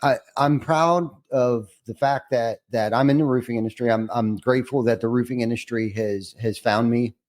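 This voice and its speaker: A man hosts a relaxed podcast interview, earnest and reflective. His voice is mid-pitched and ordinary. He stumbles and restarts as he gathers his thoughts. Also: normal speed, few pauses. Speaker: podcast host.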